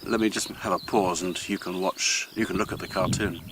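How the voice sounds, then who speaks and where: An older man hosting a vlog, talking in a thoughtful, measured way with frequent pauses as he walks outdoors in the countryside. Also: low voice, steady tone, noisy background. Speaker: vlog host. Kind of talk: casual explanatory talk on a walk, with a poem reading.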